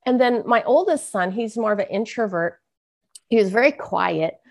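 This middle-aged woman, an author interviewed on a podcast, has a mid-range, expressive voice with vocal fry and speaks at normal speed. Earnest in her personal story, she acts out the voices of those she quotes.

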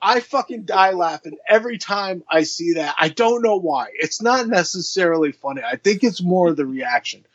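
A man's voice: high voice, animated, normal speed, few pauses, a bit bright, muffled recording. A man co-hosting a podcast in casual banter, swearing freely, laughing often and retelling stories with energy. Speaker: podcast co-host.

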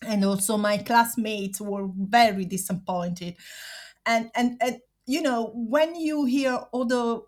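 A woman with an Italian accent, a podcast guest telling a personal story in halting, searching phrasing. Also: on the high side, darkish tone. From Italy. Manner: halting, searching for words in non-native phrasing. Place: studio sat with hosts.

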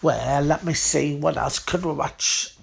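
A woman's voice: sits low, a little slow, vocal fry, background noise. A woman playing a blunt, chatty auntie in a comedy sketch. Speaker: comic auntie.

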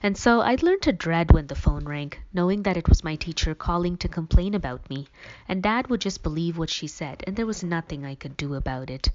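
A woman reads a first-person story aloud in a steady, even way, narrating as a teenage boy. Her voice sits on the low side. The recording sounds dull and lo-fi. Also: brisk. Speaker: audiobook narrator.

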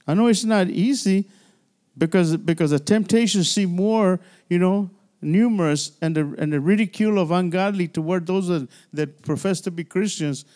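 A man's voice: high voice, normal speed, darkish tone. A man pastor preaching a midweek church sermon in a conversational style, with frequent restarts and call-and-response. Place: church sanctuary.

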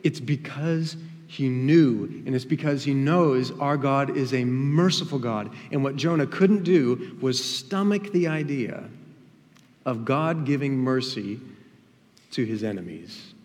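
A man's voice: mid-range voice, slow, a little mellow. A male pastor preaching a sermon in an emphatic way, his voice rising and falling, in a church sanctuary. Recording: long hall reverb.

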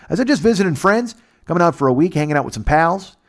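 An American man telling a long comic story in casual chat, animated and profane, putting on voices for the people in it. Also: mid-range voice, rapid-fire. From United States.

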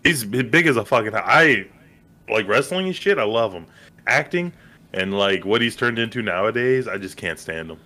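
A man's voice: lowish voice, animated, normal speed, bright, forceful tone. A man co-hosting a casual movie podcast, speaking bluntly with lots of swearing and filler words. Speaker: podcast co-host. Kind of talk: casual movie review chat.

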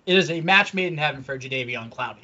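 A man co-hosting a casual sports podcast, bantering quickly and agreeably. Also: a little high, expressive, sharp tone. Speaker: podcast co-host. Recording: dull lo-fi audio.

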